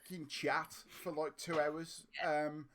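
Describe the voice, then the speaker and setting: A man's voice: fairly high pitch, flat delivery, takes it slowly, a bit bright, slight background noise. A man hosting a casual live stream chat, coughing with a sore throat and stumbling over restarts. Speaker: podcast host.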